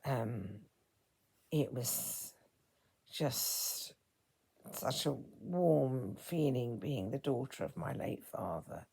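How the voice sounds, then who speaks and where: A woman in her fifties talks slowly through a personal reflection, soft-spoken and halting. Her voice is very breathy and gravelly with strong vocal fry, and her words keep fading into a whisper. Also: rumbling low, expressive. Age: 50s. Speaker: vlogger.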